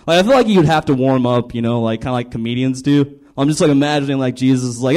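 A young man working through a stand-up routine in a small club, his voice of middling pitch. He rambles and pads lines with fillers, now and then jumping into exaggerated put-on voices. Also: quick pace, hardly any pauses, darkish tone, low-quality recording. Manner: rambling, filler-heavy delivery with mock-voiced quotes. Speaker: stand-up comedian. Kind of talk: stand-up comedy set.

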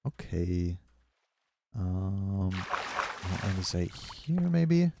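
A man's voice: sits low, big pitch swings, very slow, vocal fry, background noise. A young man streaming a game, chatting casually with viewers and often apologizing. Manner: chatty, apologetic, reads chat aloud. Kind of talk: casual live-stream chat while building.

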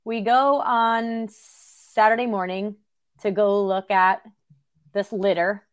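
A middle-aged woman hosting a podcast, telling a story in an animated, chatty way and laughing often. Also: medium pitch, slow, smooth. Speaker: podcast host. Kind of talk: casual conversation.

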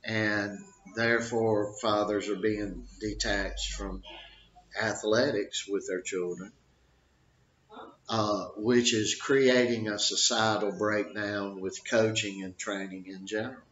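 A man's voice: on the low side, fairly even intonation, takes it slowly, fairly bright tone, slight background noise. An older man, a boxing trainer, giving rambling, folksy advice full of fillers and restarts. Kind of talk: casual advice talk. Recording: dull roomy recording.

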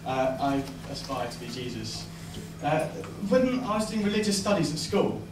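A young man performing a stand-up comedy set, hesitant and deadpan, with lots of uhs and ums. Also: medium pitch, normal speed, background noise. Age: young adult. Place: comedy club stage. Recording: echoey live venue, distant mic, loud crowd laughter. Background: audience laughter.

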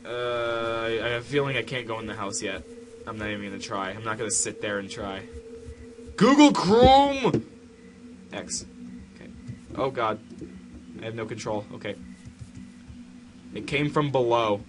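A man doing let's play commentary on a horror game, jumpy and panicky, yelling at the screen. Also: lowish voice, fairly even intonation, normal speed, long pauses, noisy background. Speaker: gamer playing a horror game.

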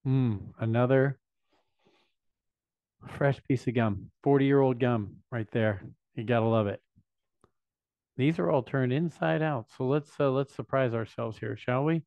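A man's voice: mid-range voice, unhurried, gravelly, long pauses, no echo. A man in his fifties hosting a casual unboxing video, chatting enthusiastically and thinking aloud as he goes. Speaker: vlog host. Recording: dry, slightly dull lo-fi sound.

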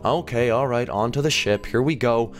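A man's voice: medium pitch, normal speed, faint music behind. A man hosting a gaming video, giving playful, jokey let's-play commentary as he plays. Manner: playful, animated, jokey self-talk.

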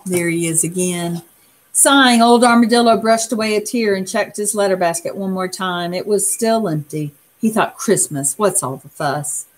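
A woman reading a picture book aloud in a soft, unhurried way, pausing to comment on the pictures. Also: medium pitch. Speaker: storyteller.

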